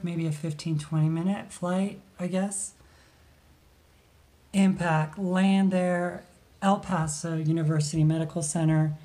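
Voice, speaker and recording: Speaking in a deep voice, a woman on the radio shares her life story, halting often and filling gaps with "like" and "you know." At the tender parts, her voice falls to a hush.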